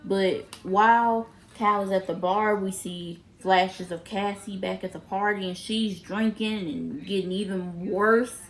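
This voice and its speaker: A young woman giving a casual recap of a TV episode, animated and often laughing as she acts out the characters' lines. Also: mid-range voice, measured pace, hardly any pauses, rough recording. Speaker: TV episode reviewer.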